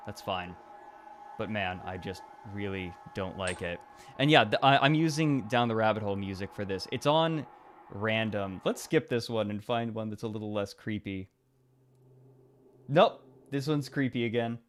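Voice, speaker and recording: A man's voice: on the low side, animated, normal speed, a little hiss or hum. Chatty man hosting a stream. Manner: rambling, chatty, laughs often. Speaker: stream host. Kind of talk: casual livestream chat. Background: faint music.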